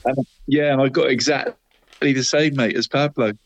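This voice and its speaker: Man, casual football chat, rambling, mid pitch, dry. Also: steady tone, normal speed, dry recording. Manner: rambling, says "mate" and "Deeks" constantly. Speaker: co-host of a football podcast.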